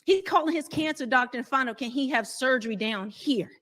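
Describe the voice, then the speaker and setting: A woman's voice: high-pitched, a little fast, fairly bright tone. A woman in a played clip of a panel debate, speaking emotionally, defensively and insistently.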